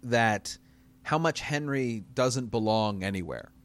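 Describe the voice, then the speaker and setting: A man hosting a podcast in casual chat, chatty and quick to laugh. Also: medium pitch, animated, no echo.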